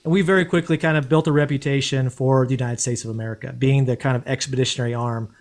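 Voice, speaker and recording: A man's voice: medium pitch, fairly even intonation, fast. A man, a former Green Beret, telling stories casually as a podcast guest, blunt and profane. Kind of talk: casual storytelling.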